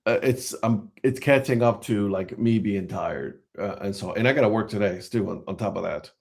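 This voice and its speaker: A man's voice: fairly low pitch, moderate pace, gravelly. Rambling man on a casual podcast. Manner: rambling, lots of fillers and restarts. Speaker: podcast co-host. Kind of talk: casual chat.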